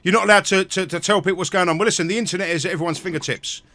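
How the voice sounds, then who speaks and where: A man hosting a live stream, ranting angrily with heavy swearing and bursts of shouting. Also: sits high, very fast, no echo. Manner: angry, profane, shouting in bursts. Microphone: close mic at home.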